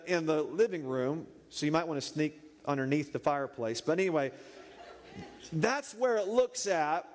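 A man preaching, telling a funny story in an animated, playful way. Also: on the high side. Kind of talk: humorous sermon storytelling. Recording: echoey hall reverb.

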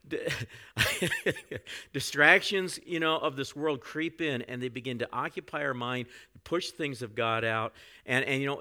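A pastor preaching a sermon in a conversational way, with frequent asides to the congregation. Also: male voice, a little high, sharp tone.

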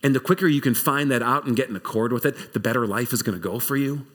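A man preaching a sermon, telling the story in an animated, conversational way. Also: medium pitch, fast. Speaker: pastor.

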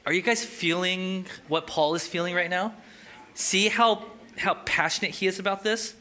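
Lively joking male pastor. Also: high voice, normal speed. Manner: animated, joking, conversational. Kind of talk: sermon.

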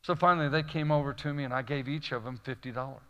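A man preaching to a live audience, telling folksy stories with a Southern "y'all" and lively, animated delivery. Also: mid-range voice, fast, clear, resonant tone, long reverb tail, highs cut off. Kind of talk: storytelling sermon.

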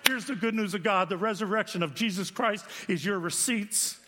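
A male pastor preaches in a fairly high voice, mixing self-deprecating stories with solemn points where he drops low and quiet. His voice carries with a long echo through a large church hall. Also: brisk, hardly any pauses. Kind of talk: sermon.

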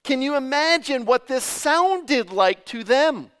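A man's voice: extremely high pitch, animated, slow pace, a bit bright, clear, resonant tone. A male pastor preaching a sermon in a church, talking in a conversational way, throwing rhetorical questions at the congregation and often repeating words as he goes.

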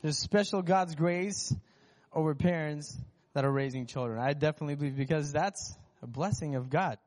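A man's voice: fairly high pitch, moderate pace, darkish tone, long reverb tail. A worship leader, a man, sharing a candid, self-deprecating testimony with his church. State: recovering from lost voice. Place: church sanctuary.

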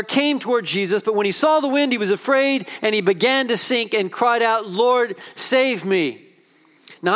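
A pastor preaching an impassioned sermon to his congregation, swinging between urgent calls and quiet, earnest passages. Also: very high-pitched. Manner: impassioned preaching with rising and falling intensity.

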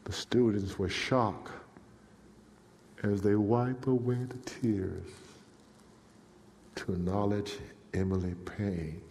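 A male preacher telling a story in a dramatic sermon, swinging from hushed to shouting. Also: fairly low pitch, fairly even intonation, takes it slowly, pauses often, slight background noise. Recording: long reverb in a large hall.

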